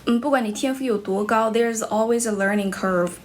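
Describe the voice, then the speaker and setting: A young woman with a Chinese accent and a slightly high voice chats on a livestream as an English teacher, answering viewer comments. She moves between English and Chinese and speaks bluntly to rude viewers. A faint ambient hum sits behind her. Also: a little fast. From China.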